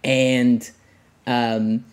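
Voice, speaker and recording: A man's voice: mid-range voice, little pitch movement, drawn-out words, clear, resonant tone. A young man, a podcast guest, telling a long story in a rambling way, full of fillers and laughs. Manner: rambling, lots of "like" fillers, laughs between lines. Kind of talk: casual storytelling.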